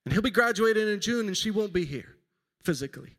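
A man's voice: high-pitched, animated, quick pace, fairly bright tone. A man in his forties preaching a sermon in a church, talking in a conversational, self-deprecating way and weaving in personal stories. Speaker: pastor. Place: church sanctuary. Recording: long hall reverb.

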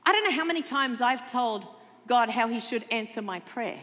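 A woman pastor delivers a sermon in a church sanctuary, her voice sitting a little high. She swings from loud, emphatic lines to hushed, tender ones. The sound carries a long hall reverb. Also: normal speed. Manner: expressive, shifts from loud emphasis to soft intimate tones.

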